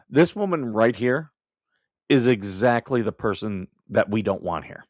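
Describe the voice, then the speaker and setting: Male streamer host, blunt and foul-mouthed, mid pitch, dry close sound. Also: moderate pace, darkish tone, no echo. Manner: blunt, profane and combative; laughs at his own remarks. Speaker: livestream host. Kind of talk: casual live commentary.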